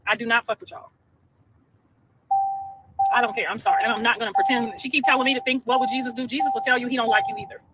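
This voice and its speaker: A woman's voice: a little high, steady tone, fast, long pauses. A woman ranting profanely on a livestream from inside a car, combative and cursing. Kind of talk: heated livestream rant. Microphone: phone. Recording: noisy phone stream.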